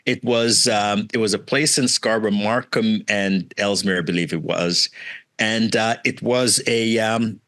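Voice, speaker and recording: Speaking at a measured pace with a fairly low pitch, this middle-aged man from Jamaica is a guest entrepreneur swapping stories in a relaxed interview. He's lively, imitates the voices of people he quotes, and often says "right?" and "man".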